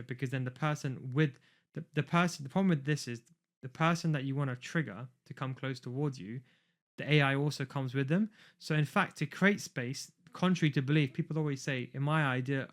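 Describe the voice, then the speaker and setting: A man giving a casual, rambling gameplay tutorial while he plays. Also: mid-range voice. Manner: rambling, chatty, talks while playing. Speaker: video game coach.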